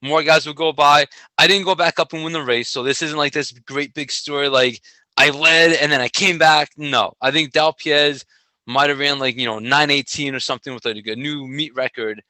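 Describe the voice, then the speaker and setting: A middle-aged man co-hosting a casual podcast, telling a story in an animated way and laughing often. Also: a little high, normal speed, no echo, rough recording. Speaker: podcast co-host, track coach. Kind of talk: casual chat.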